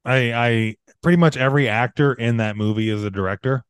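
A man co-hosting a podcast in casual chat, laid-back, cracking dry jokes, often pausing on "uh". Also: medium pitch, clear, resonant tone, dry recording. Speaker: podcast co-host.

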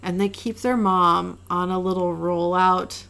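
A woman's voice: lowish voice, steady tone, unhurried, gravelly, a bit bright, clean tone. A woman co-hosting a casual podcast, retelling scenes animatedly and checking in with "you know what I mean". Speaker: podcast co-host. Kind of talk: casual chat.

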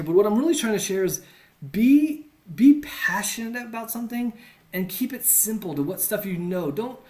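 With a high-pitched yet darkish voice, this American evangelism teacher gives a relaxed, conversational lesson. He stays sincere while poking fun at himself now and then.

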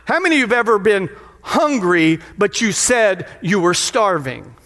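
A man pastor preaching a lively, playful sermon in a church sanctuary, often putting questions to the crowd. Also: sits high, moderate pace. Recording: long hall reverb of a sanctuary.

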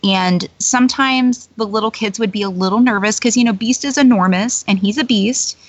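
A woman chats casually as an interview guest, telling stories with plenty of fillers and frequent laughter. Her voice sits at a middle pitch for a woman. The recording is dry with no room sound, and it has a dull, lo-fi quality. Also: moderate pace, dry recording. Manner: chatty storyteller, many fillers, laughs often. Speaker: guest, former theme-park character performer.

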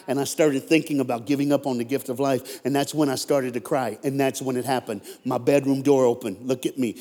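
An American man giving a live motivational sermon to a crowd, telling his story in a voice that drops to a hush and then rises to loud, fired-up preaching, with jokes aimed at the audience. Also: mid-range voice. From United States. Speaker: motivational speaker. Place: large hall with a live audience. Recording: echoey hall with long reverb.

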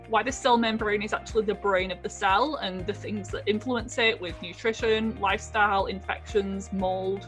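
A woman's voice: medium pitch, a bit bright. A woman hosting a podcast, introducing her guest fluently and with enthusiasm. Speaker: podcast host.

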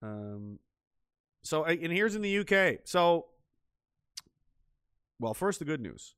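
A man's voice: a little high, sing-song, slow, pauses often, fairly bright tone, clear, resonant tone, dry recording, studio quality. A middle-aged man giving ranting, sarcastic political commentary on a livestream and reading out chat messages, with lots of profanity and scorn.

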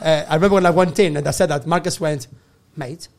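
A man's voice: a little high, steady tone, racing, vocal fry, darkish tone. A man, a guest comedian, telling a rowdy story in a casual chat, laughing and swearing as he acts out the people in it.

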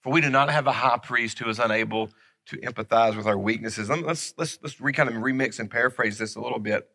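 A man preaching a sermon as pastor, repeating key phrases and swinging from loud emphasis down to a soft, near-whispered delivery. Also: mid-range voice, fast.

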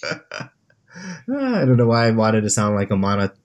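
A man's voice: lowish voice, unhurried, dull audio. A man co-hosting a hobby podcast in casual chat, laughing often and joking around. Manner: laughs often, animated banter. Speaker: podcast co-host.

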